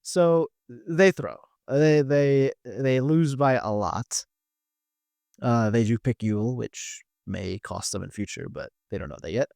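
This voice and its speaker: A man hosts a casual recap podcast in a middle-pitched voice. He rambles and restarts his sentences as he goes. The sound is close and dry, with no room around it. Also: takes it slowly, gravelly, a little mellow, dry recording. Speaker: podcast host.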